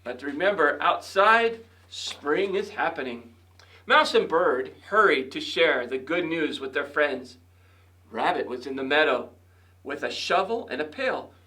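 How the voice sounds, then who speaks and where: A male educator hosting and reading a children's story aloud, chatting gently to the kids between pages. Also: on the high side, animated, unhurried.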